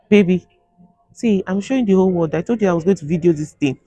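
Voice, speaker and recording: A woman's voice: fairly low pitch, fairly quick, mellow, husky, dry recording. A Nigerian woman vlogging with her husband, teasing and complaining in a playful way. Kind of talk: casual couple vlog banter.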